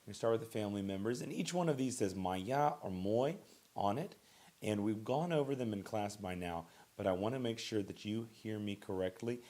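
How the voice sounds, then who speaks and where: A man with a low voice teaching a recorded lesson, calm and easygoing. He says each new word twice and leans on the stressed syllable. He talks in a loose, conversational way with small fillers and restarts. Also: a little fast. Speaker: Russian language teacher. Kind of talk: recorded classroom vocabulary lesson.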